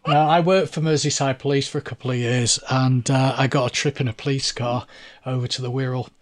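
A man's voice: mid-range voice, fairly even intonation, fairly quick, background noise. A man co-hosting a casual chat, adding short, dry comments and telling anecdotes. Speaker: co-host.

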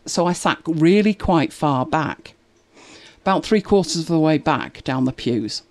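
A woman's voice: deep voice, animated, normal speed, darkish tone. A woman hosting a live stream, chatting casually and telling stories as she reads out viewer comments, laughing often. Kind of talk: casual chat.

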